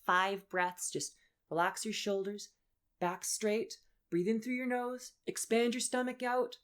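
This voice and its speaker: An upbeat young woman guiding listeners through a vocal warm-up lesson. She speaks at an everyday middle pitch and keeps her instructions encouraging and clear. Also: flat delivery, a little slow. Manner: upbeat, encouraging, demonstrates breathy vocal exercises. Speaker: voice coach.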